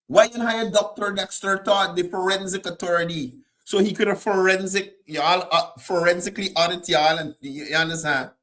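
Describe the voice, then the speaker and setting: A man's voice: high voice, pushed and bright. A middle-aged man with a Guyanese accent hosting a political commentary show, mocking and firing off repeated rhetorical questions. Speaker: host.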